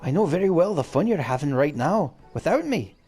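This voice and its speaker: A man voicing a haughty, dramatic fairy ruler in a deliberately bad put-on Scottish accent, reading game dialogue aloud. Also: big pitch swings, a little mellow, husky. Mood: scolding, theatrical. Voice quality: high, exaggerated theatrical voice.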